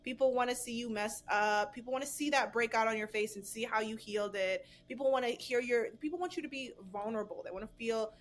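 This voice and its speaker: A woman's voice: a little high, fast talker, few pauses. Chatty young woman, faint room noise. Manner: chatty, filler-heavy, frequent restarts and bursts of laughter. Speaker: guest influencer. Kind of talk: casual podcast chat.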